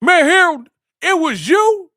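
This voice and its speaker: A man doing an impression of an exasperated streetwise man, with high, whining exclamations and repeated questions. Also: big pitch swings, slow, sharp tone, no echo, studio quality, full character voice. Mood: incredulous.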